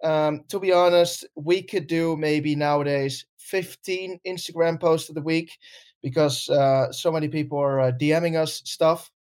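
A man's voice: on the high side, fairly even intonation, measured pace, darkish tone, smooth. A man co-hosting a podcast, chatting casually, laughing often and swearing now and then. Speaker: podcast co-host.

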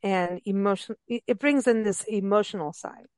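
A woman's voice: medium pitch, moderate pace, darkish tone, no echo. An enthusiastic woman host chatting freely on a radio interview. Her talk rambles and spills over with eager asides. The voice sits mid-range and sounds close and dry. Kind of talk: casual interview chat. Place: travel and parks radio show.

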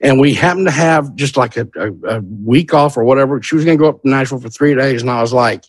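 A man telling his own story in a casual, animated way, often restarting his sentences. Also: medium pitch, fast, few pauses, no echo. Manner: animated, many restarts and repeats "literally".

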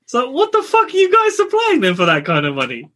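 A man's voice: very high-pitched, huge pitch swings, fairly quick, bright, forceful tone. A man chatting casually on a podcast, blunt and exasperated.

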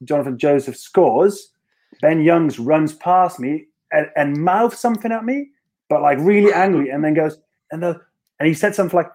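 A man's voice: on the high side, normal speed, a little mellow. A rugby player on a podcast, telling a story in casual chat with many restarts and fillers and laughing as he goes.

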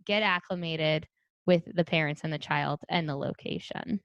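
A woman speech therapist co-hosting a podcast, talking in a chatty, animated way with lots of "like". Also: sits low, clear, resonant tone, dry recording, lo-fi sound. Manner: chatty, quick and animated, filler-heavy. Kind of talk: casual chat.

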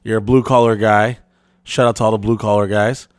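Man, podcast host, lowish voice, dry close sound, rambling profane storytelling, acts out other people. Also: little pitch movement, brisk, no echo. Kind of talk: casual storytelling chat.

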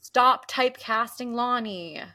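A young woman co-hosting a casual recap chat, talking through scenes and acting out lines in quick voices. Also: a little high, bright, forceful tone. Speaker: podcast co-host.

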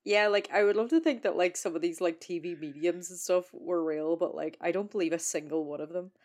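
A young woman chats loosely as a podcast co-host. Her voice sits a little low, and she swears freely and peppers her talk with fillers. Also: fairly quick, darkish tone. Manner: sweary, laughing, lots of fillers. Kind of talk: casual chat.

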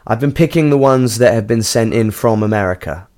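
A man's voice: mid-range voice, brisk, a little mellow. Joking young male podcast host. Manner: joking, loose, swears freely. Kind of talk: casual podcast chat. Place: hotel.

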